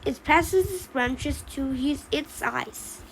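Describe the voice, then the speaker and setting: A woman reads the narration of a storybook play aloud, halting, with small slips and restarts. Her voice sits high and light. A faint hiss runs under the recording. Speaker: reader.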